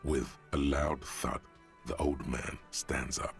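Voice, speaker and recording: An actor as a detached, omniscient video game narrator with measured, literary delivery. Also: male voice, extremely low pitch, flat delivery, gravelly, faint music behind, full character voice.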